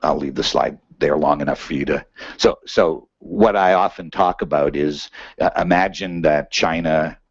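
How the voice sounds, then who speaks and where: Male lecturer, very low husky voice, chatty academic delivery with lots of "uh" and "right?", dull dry recording. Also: moderate pace, dry recording. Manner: conversational, many fillers and "right?" checks. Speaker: seminar speaker. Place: seminar room.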